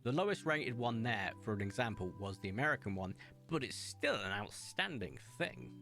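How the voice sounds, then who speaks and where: Casting note: young English man, casual and excitable stream chatter, slightly low pitch. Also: moderate pace, soft background music. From England. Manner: chatty, enthusiastic, rambling, laughs often.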